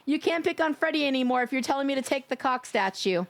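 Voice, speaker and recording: A woman's voice: high voice, animated, fast. A woman from New York chatting casually and teasingly with her viewers while live-streaming a game, laughing often.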